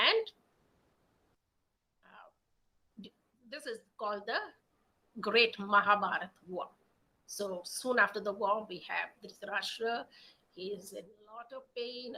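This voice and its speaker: Bright-voiced woman storyteller, expressive and dramatic. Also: medium pitch, poor audio. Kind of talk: animated oral storytelling.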